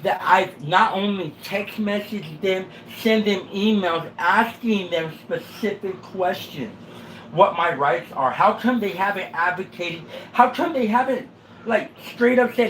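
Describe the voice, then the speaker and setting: A man's voice: high-pitched, a little slow, fairly bright tone, reverberant, slight background noise, poor audio. A man making a rambling complaint to a sheriff, often asking "right?" to check he is followed.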